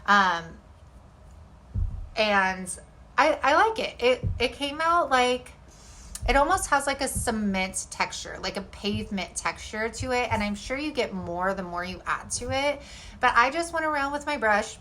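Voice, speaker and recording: A woman's voice: fairly high pitch, lively intonation, measured pace, bright, forceful tone, slight background noise. A young woman host of a craft channel, narrating a do-it-yourself tutorial in a chatty, rambling way, full of "like" and "y'all". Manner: bubbly, rambling, lots of "like" and "y'all".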